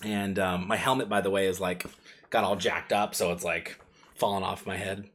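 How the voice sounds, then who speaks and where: A man's voice: deep voice, steady tone, moderate pace, fairly bright tone. A man co-hosting a podcast, telling a personal story casually, full of fillers and chuckles. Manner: rambling, filler-heavy, laughs while telling. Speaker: podcast co-host.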